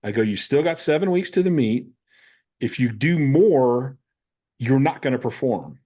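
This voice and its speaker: A man in his fifties, a powerlifting coach, talks casually on a podcast. He tells stories with energy and acts out both voices in the conversations he recounts, in a voice of ordinary pitch for a man. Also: measured pace. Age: 50s. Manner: animated storyteller who acts out both sides of conversations.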